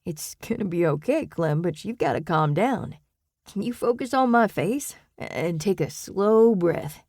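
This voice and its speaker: A woman reading an audiobook voices a steady male police officer who speaks in a soothing, patient, measured way. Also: fairly low pitch, no room sound, clean studio sound. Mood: calm.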